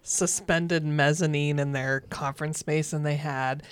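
A woman's voice: low voice, fairly even intonation, measured pace, smooth. A woman hosting a podcast, joking and laughing along in casual chat. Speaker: podcast host.

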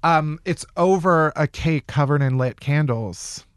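A man's voice: a little high, a little slow, smooth, no room sound. A man hosting a podcast, telling a rambling, exasperated comic story and laughing often. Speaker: podcast host.

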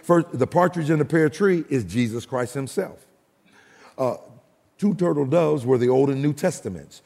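A man's voice: on the high side, expressive, moderate pace, creaky, a little mellow, big-room sound. A man preaching a recorded sermon, explaining and calling the congregation to repeat after him. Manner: explains and calls for audience repetition. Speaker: pastor.

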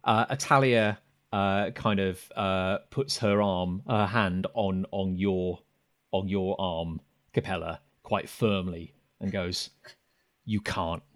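A man's voice: low voice, fairly even intonation, takes it slowly. A man narrating a tabletop game as game master, hesitant and full of fillers.

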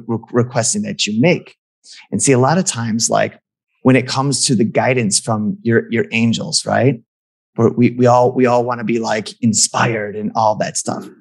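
A man's voice: mid-range voice, husky. A man talking as a guest in an earnest, reflective conversation, restarting phrases as he thinks aloud.

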